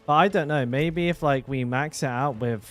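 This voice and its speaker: A man's voice: mid-range voice, normal speed, faint music behind. A man chatting casually to his live-stream audience while he plays a game, swearing freely, laughing, and often trailing off mid-sentence.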